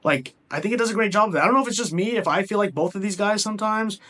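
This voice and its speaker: Chatty man with a high-ish voice rambling. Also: rapid-fire, sharp tone. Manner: rambling, filler-heavy, enthusiastic with frequent restarts. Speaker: movie reviewer. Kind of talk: casual spoken film review.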